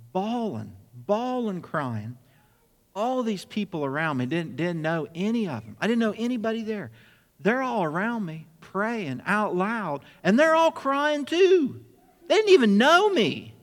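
A man preaching a sermon, telling a personal story with lively acted-out dialogue. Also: a little high, big-room sound. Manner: animated storyteller acting out dialogue. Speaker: pastor.

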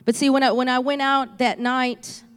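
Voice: high voice, flat delivery, normal speed, a bit bright, clear, resonant tone, long reverb tail, faint music behind. A church speaker from Houston giving a fervent preaching testimony, repeating phrases for emphasis. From Houston, Texas.

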